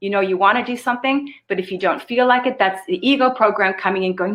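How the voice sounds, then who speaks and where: A woman's voice: medium pitch, fast talker, few pauses, a bit bright. A woman hosting a live stream of spiritual guidance, answering viewer questions in a casual, chatty way with laughs and the odd swear word. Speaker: spiritual channeler and host.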